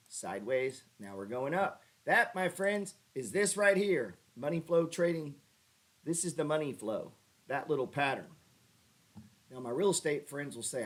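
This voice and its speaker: Sarcastic, profane man hosting a trading stream. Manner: profane, sarcastic, mocking asides to chat; animated pitch jumps when ribbing viewers. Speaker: stock trading livestream host. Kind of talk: casual livestream chart talk.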